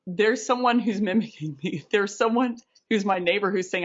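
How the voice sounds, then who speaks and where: A woman's voice: mid-range voice, normal speed, muffled recording. A woman co-hosting a podcast, talking earnestly and reflectively, often restarting her phrases. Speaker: podcast co-host. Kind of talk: casual podcast monologue.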